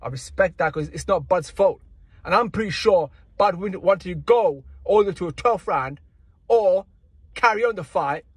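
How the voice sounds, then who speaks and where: A man with a high, husky voice rants in casual boxing commentary. He sounds indignant and slangy and keeps circling back to the same points. The sound is dry and close, with no room around it. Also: no room sound.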